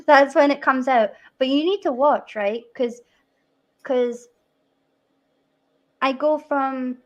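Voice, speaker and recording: A woman with a light Scottish accent, hosting a casual chat and talking in a lively, chatty way. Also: high-pitched. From Scotland. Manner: chatty, laughs often. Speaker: host.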